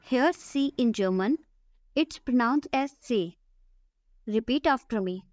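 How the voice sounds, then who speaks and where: A woman with a fairly high voice leads an alphabet lesson at a very slow, deliberate pace. She says each letter and word carefully and repeats them. The recording is dry and close. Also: lively intonation, a little mellow, no echo. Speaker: language teacher.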